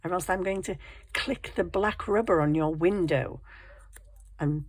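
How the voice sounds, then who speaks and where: A woman's voice: fairly low pitch, unhurried. A woman putting on the voice of a bossy male house cat that orders its human about. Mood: demanding.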